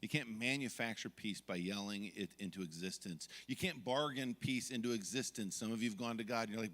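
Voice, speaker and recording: A middle-aged man preaching a sermon as pastor, telling stories from family life and acting out yelling moments. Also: on the low side, a little fast, hardly any pauses, in a large hall. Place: church sanctuary.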